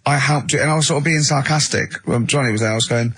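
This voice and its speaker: Male radio co-host, husky and dry-sounding, rambling storyteller acting out every exchange. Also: medium pitch, fast, a bit bright, no echo. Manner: rambling anecdotes, acting out both sides of the conversation. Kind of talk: comic radio banter. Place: radio studio.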